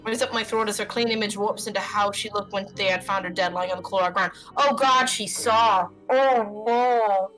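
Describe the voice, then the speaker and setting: A woman streamer reading a story game aloud with expressive commentary and swearing. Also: mid-range voice, faint music behind, rough recording. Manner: expressive, swearing, quick reactions.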